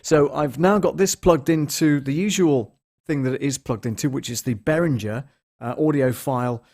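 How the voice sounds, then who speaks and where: A man's voice: mid-range voice, normal speed, a little mellow. A man hosting a casual live stream from a bare apartment lounge, chatty and rambling, greeting viewers by name with lots of ums. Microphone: large studio microphone, moved around at times.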